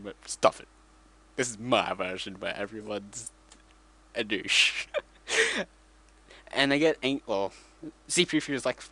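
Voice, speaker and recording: A man's voice: mid-range voice, bright, forceful tone. A man casually retelling a movie from memory, rambling, joking and correcting himself as he goes. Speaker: vlogger.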